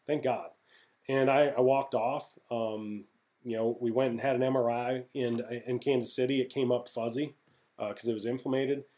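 Male guest, former pitcher; warm, dark tone, candid rambling storyteller. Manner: rambling, candid, with frequent restarts. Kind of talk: casual storytelling interview.

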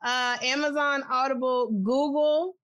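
A woman's voice: high-pitched, steady tone, measured pace, fairly bright tone, muffled recording. A woman co-hosting a podcast, chatting in an upbeat way and greeting listeners. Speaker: podcast co-host. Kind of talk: casual chat.

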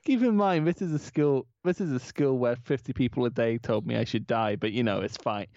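A man's voice: medium pitch, a little fast, darkish tone, dry recording. A young Scottish man co-hosting a casual podcast, defensive and self-mocking, laughing often. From Scotland. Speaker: podcast co-host. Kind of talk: casual chat. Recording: dry, slightly dull mic.

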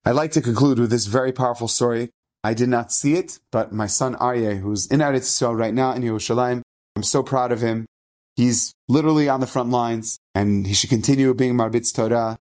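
A man's voice: medium pitch, brisk, a little mellow. A middle-aged man, a rabbi, telling an inspirational story in an earnest, emphatic way, often repeating his phrases.

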